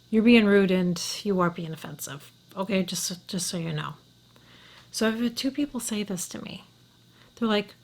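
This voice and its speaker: A middle-aged woman talks to her viewers in a loose, chatty way, blunt and unfiltered. Her voice sits at an ordinary middle pitch, and she often drops into a soft, breathy near whisper. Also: moderate pace. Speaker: beauty vlogger. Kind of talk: casual chat to camera.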